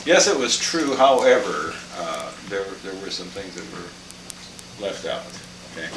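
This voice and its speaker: A man's voice: low-pitched, very animated, measured pace, a bit bright. Older man telling rambling family stories. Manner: chuckling, rambling anecdotes. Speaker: storyteller. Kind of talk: casual family storytelling. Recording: echoey room, mic far off, clear background noise.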